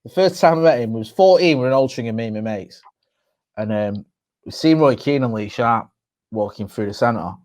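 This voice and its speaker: A young English man talks fast in a podcast chat, his pitch middling for a man. He teases his co-host and swears casually while he tells his own anecdotes. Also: darkish tone. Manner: quick, sweary, teasing banter.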